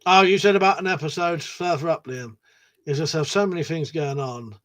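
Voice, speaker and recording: A UK livestream host with a fairly high, fairly bright voice talks at a fairly quick pace. He reads viewer messages aloud and chats back in a matey, casual way, swearing freely.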